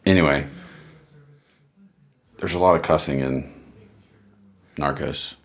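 A man's voice: extremely low pitch, slow pace. An American man co-hosting a podcast, rambling and swearing casually, laughing at his own jokes. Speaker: podcast co-host.

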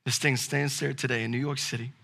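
A male pastor with a Southern American accent delivering a sermon, building to loud, emphatic preaching and then dropping to a quiet tone. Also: mid-range voice, level tone, fast talker, creaky.

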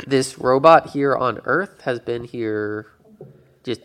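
A man co-hosting a podcast in casual chat, animated and quick with incredulous questions. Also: mid-range voice, clean tone. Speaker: podcast co-host.

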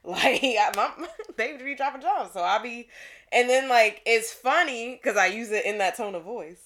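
Animated, laughing woman therapist. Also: on the high side, a little slow. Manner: animated storyteller, laughs often, casual slang. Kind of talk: casual podcast conversation.

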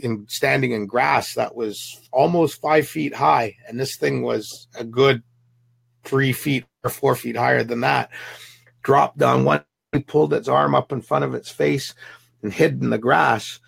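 Gravelly, husky-voiced male storyteller. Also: medium pitch, fairly even intonation, a little slow, a bit bright, no echo. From Pacific Northwest. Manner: vivid storyteller acting out the people he quotes. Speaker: guest. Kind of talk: storytelling an encounter.

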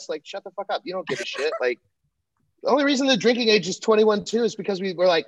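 A young man chatting with a fellow comic, his voice pitched a little high. He tells crude stories with sudden mock-voiced asides. The recording sounds dry and slightly muffled. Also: quick pace, no room sound. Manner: profane, animated storytelling with mock quotes. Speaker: comedian podcast co-host. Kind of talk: casual chat.

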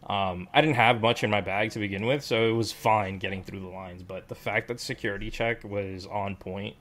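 Man, lower pitch, casual chat, rambling, filler-heavy. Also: fairly even intonation, moderate pace, fairly bright tone. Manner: rambling, lots of fillers and restarts.

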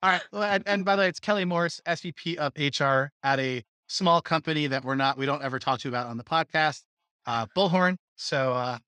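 A male podcast host with a bright, forceful voice, chatting casually and joking, often restarting his sentences. The sound is dry and close. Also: a little high, fairly quick, dry recording. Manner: jokey, rambling with restarts. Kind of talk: casual chat.

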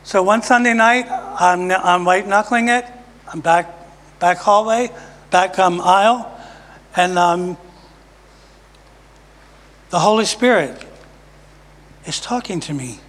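A man preaching a testimony in a church, emphatic and dropping often to a hushed voice. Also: sits high, slow pace, pauses often. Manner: emphatic, swings from loud to hushed. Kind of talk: sermon testimony. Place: church sanctuary. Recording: long reverb of a church hall.

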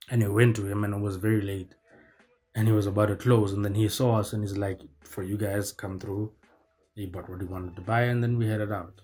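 A man's voice: on the low side, a little mellow. A young man telling a story casually, rambling with lots of fillers and restarts. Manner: rambling, filler-heavy, self-correcting.

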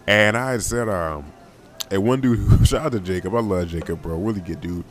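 A man's voice: fairly low pitch, brisk, soft background music. A young man hosting a casual solo podcast, talking in a loose, rambling, slangy way and often repeating himself. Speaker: podcast host.

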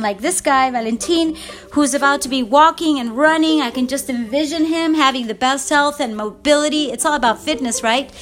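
Woman fitness coach rambling on her phone, emotional, laughs a lot, kinda high voice, faint music behind. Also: fairly bright tone. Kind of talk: casual heartfelt vlog. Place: at home, Eastern US time. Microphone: phone without external mic.

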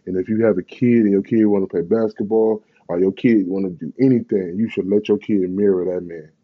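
A man's voice: on the low side, steady tone, a little fast, narrow, tinny audio. Profane rambling Bay man. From Bay Area, California. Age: 30s. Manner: profane, rambling, emphatic slang. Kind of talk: casual vlog rant.

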